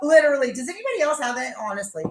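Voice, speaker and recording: A woman hosting a casual live chat, talking fast and laughing as she tells stories. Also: high-pitched, very animated, reverberant. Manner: chatty, laughing, tells stories with acted-out quotes. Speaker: livestream host.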